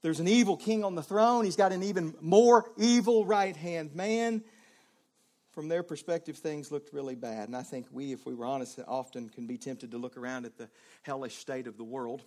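High-voiced preacher, hushed to pleading. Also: male voice, normal speed. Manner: swings between hushed low passages and raised pleading cries. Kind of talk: sermon.

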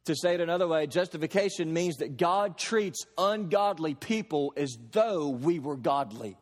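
A Kentucky pastor delivers an expressive sermon in slow, stressed phrases, using plain homely examples. His voice sits fairly high for a man, and a long hall's reverb trails after each line.

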